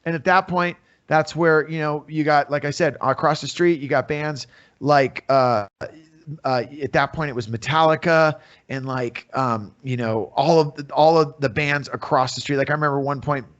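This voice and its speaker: A man's voice: on the high side, moderate pace, muffled recording. A middle-aged American man, a musician and comedian, telling stories as a podcast guest and acting out the people in them. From USA. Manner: animated storyteller, acts out voices in quotes. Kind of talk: casual storytelling interview.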